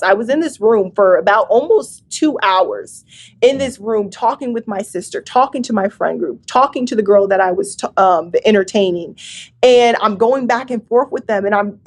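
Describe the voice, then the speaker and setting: A young woman telling an emotional personal testimony as a guest, often filling with "like". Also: mid-range voice. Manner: emotional, many fillers like "like".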